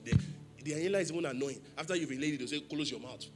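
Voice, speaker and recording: A man's voice: a little high, rapid-fire, music in the background. A man preaching a sermon in church, emphatic, asking the congregation questions for them to answer. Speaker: pastor.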